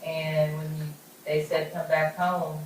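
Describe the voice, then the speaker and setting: A woman's voice: deep voice, little pitch movement, slow, a little hiss or hum. A woman attorney steadily questioning a witness in court. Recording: distant echoey courtroom audio.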